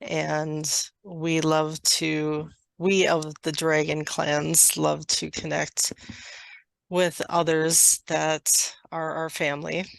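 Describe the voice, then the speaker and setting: A woman in trance channeling a gentle, loving dragon spirit, speaking slowly and softly in solemn blessings. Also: low voice, level tone, gravelly, dry recording, voice pushed down, full character voice. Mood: tender. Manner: slow, soft, solemn blessing.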